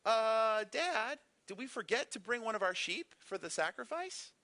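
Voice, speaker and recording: A man's voice: sits high, expressive, moderate pace, bright, forceful tone, no echo, pitched above the performer's own voice, exaggerated voice. A man voicing a puzzled young boy casually asking his father a question.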